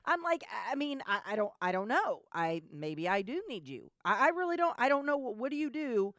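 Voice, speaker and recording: Brief: higher-voiced woman co-host, animated storyteller, dry close sound. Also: a little fast, no room sound. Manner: animated, stammering restarts, frequent laughter. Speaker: podcast co-host, mother. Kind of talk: casual storytelling chat.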